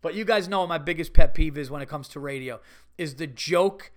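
Laughing, animated male podcast host. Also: fairly high pitch, fairly quick. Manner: animated, laughs through stories, swears freely. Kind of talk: casual storytelling monologue.

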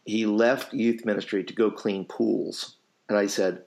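A man's voice: on the low side, steady tone, unhurried, gravelly, a little mellow. A man in his late forties hosting a casual podcast conversation, talking earnestly with many restarts. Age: 40s. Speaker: podcast host, youth pastor.

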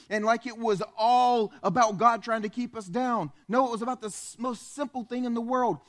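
A man's voice: very high-pitched, moderate pace, few pauses, fairly bright tone. A male pastor giving a sermon in a storytelling way, speaking straight to his congregation. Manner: storytelling, addresses the congregation directly. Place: church.

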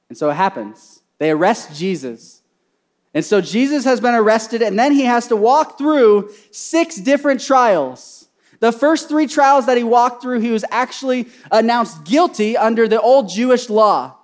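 A man preaching a sermon, telling the story in an animated way and swinging between loud passages and soft asides. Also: very high-pitched, moderate pace. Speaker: pastor.

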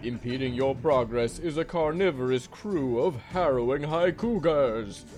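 Male game master, slow, mock-epic fantasy narration with a music bed. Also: mid-range voice, darkish tone.

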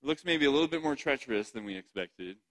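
A man's voice: medium pitch, lively intonation, fast, fairly bright tone, low-quality recording. A man giving a sermon, reading scripture and chatting to the congregation with frequent laughs and "right?" asides. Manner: chatty, laughs often, asks the audience "right?". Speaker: preacher.

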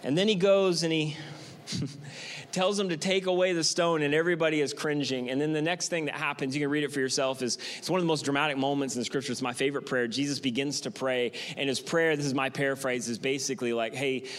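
A man's voice: a little high, steady tone, fast talker. A male pastor preaching a sermon in a conversational, emphatic way with frequent repetition.

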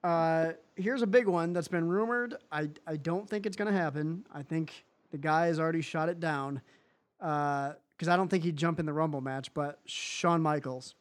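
A man's voice: a little high, normal speed. A man hosting a podcast, chatting casually and animatedly with plenty of fillers. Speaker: podcast host.

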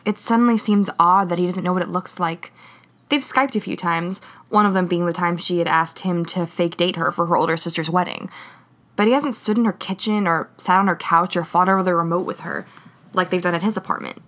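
Lady reading a romance story out loud, lowish voice, calm and even. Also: a little fast. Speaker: reader. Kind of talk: reading fan fiction aloud.

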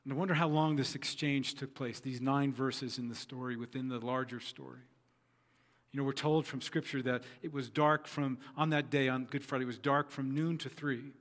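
A man's voice: medium pitch, fairly even intonation, normal speed, fairly bright tone, big-room sound. A man preaching a sermon who acts out quoted speech and repeats his phrases for emphasis. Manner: voices quoted figures dramatically, repeats phrases.

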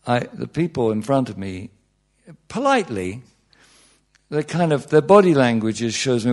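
In a sing-song, medium-pitched voice at normal speed, a man gives an informal meditation talk in front of a live audience. He's wry and conversational, often starting sentences over and quizzing the room.

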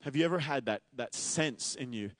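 A man in his thirties preaching a sermon in a casual, animated way, full of asides and "like". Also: mid-range voice, normal speed, no room sound. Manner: conversational, animated, self-deprecating asides. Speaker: pastor.

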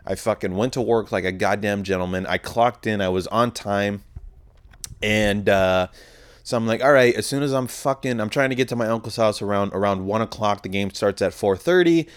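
A man's voice: lowish voice, moderate pace, clean tone. A young man hosting a podcast, telling a story in a rambling, heavily profane casual monologue. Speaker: podcast host.

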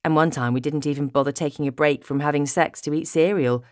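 A woman narrating a romantic comedy audiobook in the first person, expressive and storytelling. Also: sits low, quick pace, no room sound, clean studio sound.

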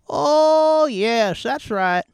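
A man's voice: extremely high pitch, no room sound, studio quality, pitched above the performer's own voice, full character voice. A man putting on a lewd cackling old grandma. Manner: vulgar, cackling taunts.

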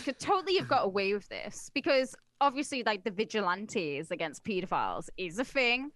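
A British woman co-hosting a podcast, blunt, sweary and quick to laugh in casual chat. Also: mid-range voice, very animated, a bit bright, dry recording. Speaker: podcast co-host.

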